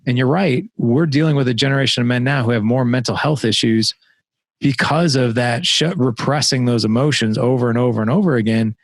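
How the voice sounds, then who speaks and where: A middle-aged man hosting a podcast in casual conversation, animated and quick to joke and laugh. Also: medium pitch, no echo. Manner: animated, joking, laughs often. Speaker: podcast host.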